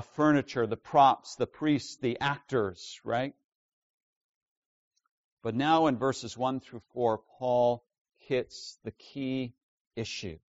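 A man preaching a Bible sermon, stressing key words loudly and dropping to quiet asides. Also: no room sound, dull audio. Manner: emphatic teaching, swinging between loud stresses and low asides. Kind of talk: expository sermon.

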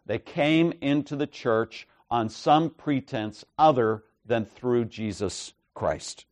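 Slow, measured male preacher. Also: medium pitch, darkish tone, dry recording. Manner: checks in with frequent "right?" and "okay?"; measured, emphatic delivery with stressed lists. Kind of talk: expository sermon.

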